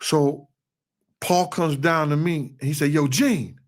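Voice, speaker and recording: High-pitched man, animated storyteller in a casual interview, bursts into shouted quotes. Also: slow pace. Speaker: interview guest.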